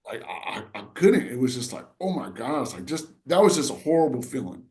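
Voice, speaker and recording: A man's voice: mid-range voice, big pitch swings, fairly quick, a little mellow. A middle-aged man co-hosting a podcast, telling an emotional family story in a rambling, casual way. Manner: rambling, full of "you know" and "right". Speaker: podcast co-host.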